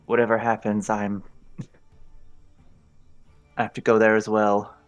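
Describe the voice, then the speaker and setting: A man's voice: lowish voice, monotone, unhurried, muffled recording, faint music behind, lightly acted. A man playing an earnest, loyal companion. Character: loyal, determined young man.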